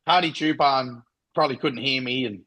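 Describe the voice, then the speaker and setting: Sweary Australian man with husky voice. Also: medium pitch, normal speed, pushed and bright, rough recording. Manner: laid-back, sweary storytelling. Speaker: podcast co-host, pro bodybuilder. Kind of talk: casual chat.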